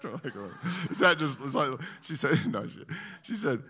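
A male preacher with a rather low but bright, forceful voice delivers a sermon. He tells stories animatedly and often restarts mid-sentence. A long reverb hangs around his voice, as in a large hall. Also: normal speed. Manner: animated storytelling with many restarts.

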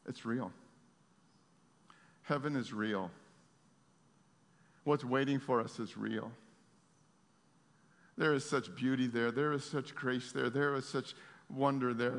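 A man preaching a sermon, moving from loud, fervent pleading to quiet, earnest storytelling. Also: medium pitch, fairly even intonation, takes it slowly, pauses often. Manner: swings from loud impassioned pleading to soft storytelling. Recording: long hall reverb.

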